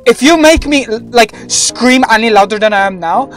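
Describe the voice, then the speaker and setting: A woman's voice: animated, normal speed, over loud music, close to an everyday voice. A woman putting on the voice of a cranky, bossy young boy who whines and bosses teammates around in game voice chat. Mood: whiny. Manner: whiny, bossy, shrill outbursts. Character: cranky bossy young boy gamer, whiny, easily upset. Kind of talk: voice chat during an online shooter game.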